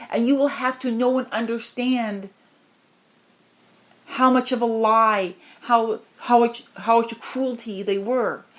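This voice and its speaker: Impassioned woman pleading in a spiritual message. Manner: impassioned, pleading, swinging from low murmurs to high cries. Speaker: spiritual channeler.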